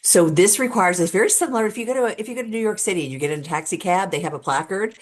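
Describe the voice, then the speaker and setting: A middle-aged woman speaking as a guest in a podcast interview. She explains things earnestly and step by step, often pausing on "um". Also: medium pitch. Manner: earnest and explanatory, with frequent um fillers; talks through steps as if laying out a case. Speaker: guest, road safety advocate.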